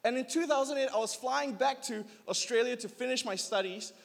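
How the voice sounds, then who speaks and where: Youth pastor, man in his 30s, high voice, urges call-and-response; hall reverb. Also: brisk, vocal fry. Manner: lively, urging the crowd to call back. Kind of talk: sermon.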